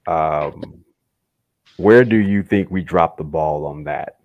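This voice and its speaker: Slow, deep-voiced male host. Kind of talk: casual interview chat. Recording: dull lo-fi audio.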